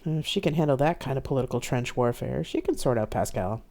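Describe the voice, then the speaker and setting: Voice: mid-range voice, expressive, quick pace, darkish tone, lightly acted. An author reading their own novel aloud, voicing a blunt, profane male starship captain with a wry, matter-of-fact delivery. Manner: swearing, wry.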